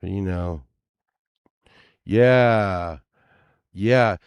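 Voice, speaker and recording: A man's voice: low voice, drawn-out words, smooth, no echo. A man rambling casually as he browses items online, grumbling and swearing now and then. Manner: meandering, grumbling asides, occasional swearing. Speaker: vlogger.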